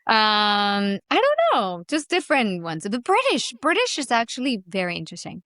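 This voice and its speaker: A woman's voice: mid-range voice, normal speed, no room sound, clean studio sound. A woman from Mexico City with a Mexican accent, a native Spanish speaker, talking animatedly as a guest in a casual podcast interview. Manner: animated, switches into Spanish and trails off searching for words. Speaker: guest actress.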